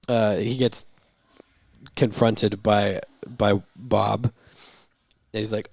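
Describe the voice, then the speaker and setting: A man co-hosting a movie review podcast, recapping the plot with animated, chatty energy. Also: fairly low pitch, slow, vocal fry, pauses often, dry recording. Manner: animated retelling with laughs. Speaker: podcast co-host. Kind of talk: casual movie review chat.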